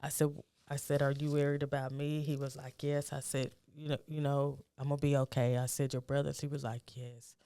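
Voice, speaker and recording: With a rumbling low voice that barely moves in pitch, a middle-aged guest reflects on a personal story in soft, halting speech. Her advice comes out with urgency.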